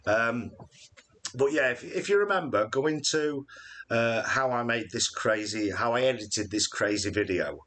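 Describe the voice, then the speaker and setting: A man's voice: medium pitch, a little slow, fairly bright tone. A man in his late forties, co-hosting a live Q&A stream with a joking, rambling manner full of fillers. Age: 40s. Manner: jokey and rambling, with many fillers. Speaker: channel co-host.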